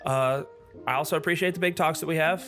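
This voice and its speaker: A man's voice: a little high, fast, fairly bright tone, faint music behind. Enthusiastic man saying dude a lot. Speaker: podcast co-host. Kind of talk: casual chat.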